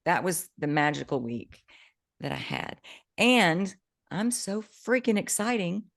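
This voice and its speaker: A woman co-hosting a podcast, chatting casually and telling an animated story with bursts of excitement. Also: fairly low pitch, measured pace, gravelly, no echo, clean studio sound. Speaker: podcast co-host, coach. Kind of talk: casual chat.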